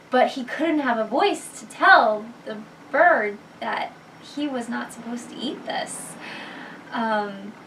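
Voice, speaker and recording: Slow, playful woman telling a story. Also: on the high side, a bit bright, slight background noise. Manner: playful, laughing, halting with ums. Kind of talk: improvised group storytelling. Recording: roomy, mic far off.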